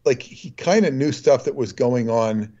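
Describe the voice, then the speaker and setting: A man's voice: mid-range voice, expressive, a little slow, warm tone, dull audio. A man talking as a guest in casual chat, telling long rambling anecdotes.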